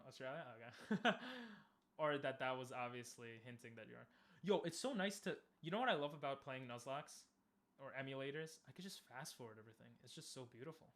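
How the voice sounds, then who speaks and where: A young man casually commenting on a game he is playing, chatting with viewers and bursting into loud cheers. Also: medium pitch, animated, fast. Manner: talks to chat, asks viewers questions. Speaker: streamer.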